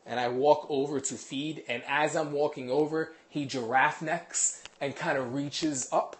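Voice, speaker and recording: A man's voice: medium pitch, normal speed. A man, a dog trainer, explaining training casually in a rambling way, with lots of restarts, while moving around his apartment. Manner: rambling, many fillers and restarts. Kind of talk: casual instructional talk.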